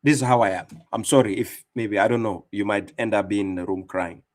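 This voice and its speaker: A man's voice: fairly low pitch, steady tone, fairly quick. A man giving fierce, mocking religious commentary as an Islamic debater and streamer, speaking with heavy emphasis.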